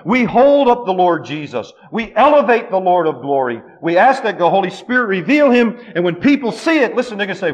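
Middle-aged male preacher, high voice, fervent and repetitive, muffled lo-fi sermon tape. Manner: fervent, repetitive, often dropping to a near hush. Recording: dull lo-fi sermon recording.

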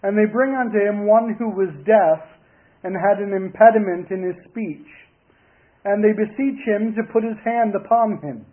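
High-voiced pastor on a tinny line. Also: male voice. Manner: measured, deliberate reading in King James wording. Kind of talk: sermon with scripture reading. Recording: tinny phone-like broadcast audio.

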